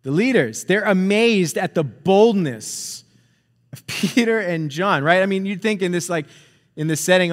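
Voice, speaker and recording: Pastor, male, fairly high voice, loose storytelling sermon with a long hall reverb. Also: animated, measured pace. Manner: conversational, chuckling, checks in with "right?".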